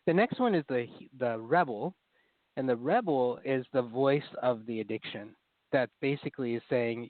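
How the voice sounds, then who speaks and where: A man's voice: medium pitch, lively intonation, normal speed, no echo, phone-quality sound. A man speaking as a therapist guest in an interview, explaining ideas in an earnest way and acting out inner critical voices.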